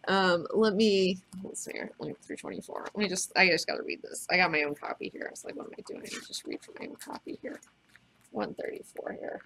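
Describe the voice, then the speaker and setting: Bright-voiced woman gushing about comics. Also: medium pitch. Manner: excited, profane, rambling with many fillers. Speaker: comic book video host. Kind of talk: casual recap and discussion.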